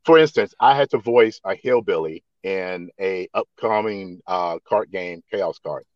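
A man's voice: low voice, unhurried, dry recording, lo-fi sound. A man voice actor in casual chat, emphatic and repeating himself.

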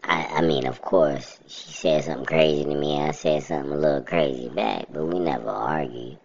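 A man's voice: a bass voice, fairly quick, creaky, muffled recording. A man hosting a podcast, telling a story in a blunt, colloquial way with laughing asides. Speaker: podcast host. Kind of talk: casual storytelling monologue.

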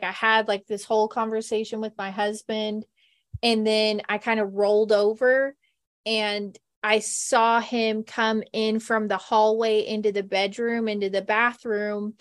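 A woman hosting a podcast, telling stories in a chatty, casual way with frequent laughs. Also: medium pitch. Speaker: podcast host. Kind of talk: casual chat.

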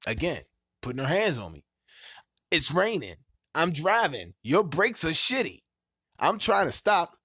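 A man hosting a podcast, telling a story in casual, profane talk and acting out quotes with sudden leaps in pitch. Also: a little slow, pauses often, slightly rough, no echo, studio quality. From Washington, D.C. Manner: animated, profane, acts out quotes with big pitch jumps. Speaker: podcast host.

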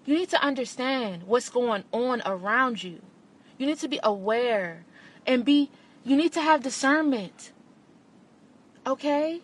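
A woman's voice: sits high, a bit bright. A woman podcast host, giving an impassioned monologue and repeating lines for emphasis.

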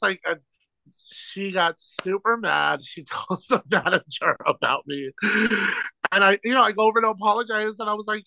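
A man who works as a drag show host, a guest on a podcast telling stories in an animated, laughing way and acting out quotes. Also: high voice, moderate pace, creaky, no room sound, low-quality recording. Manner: animated, laughs through stories, quotes people in lively voices. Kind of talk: casual storytelling chat.

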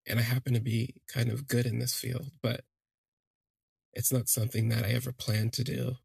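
A man's voice: medium pitch, flat delivery, moderate pace, vocal fry, a little mellow, husky, no echo. A man telling a first-person story on a podcast in a reflective, hesitant way, often restarting his sentences.

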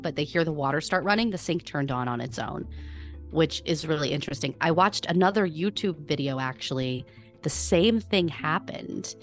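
An American woman co-hosting a podcast, chatting casually and acting out the quotes in her stories. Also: low-pitched. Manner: animated storytelling, acts out quotes. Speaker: podcast co-host. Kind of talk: casual chat.

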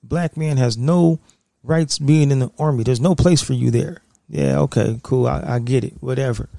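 A man telling a personal story in a casual, streetwise and profane way, acting out scenes with lively energy. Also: mid-range voice, gravelly, dry recording.

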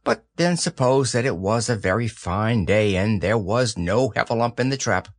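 A man narrating a children's audiobook with slow, expressive storytelling. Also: lowish voice, no echo, clean studio sound.

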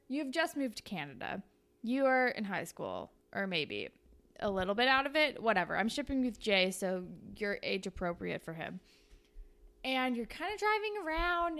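On a casual podcast, a young female co-host spins improvised fan fiction, her chatter crammed with "like" and fillers. She speaks in a fairly bright voice on the high side.

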